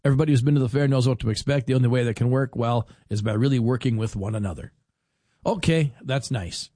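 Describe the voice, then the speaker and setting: A man's voice: medium pitch, fast, dark tone, no room sound, studio quality. A middle-aged man, hosting a casual talk show and telling wry stories with acted-out bits. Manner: chatty, wry, acts out little scenes in put-on voices. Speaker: radio host.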